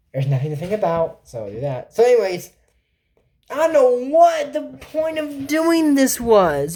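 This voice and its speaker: A woman's voice: fairly low pitch, mellow, slight background noise. A woman giving a casual reaction commentary on a cartoon episode, rambling and sarcastic, with mocking asides.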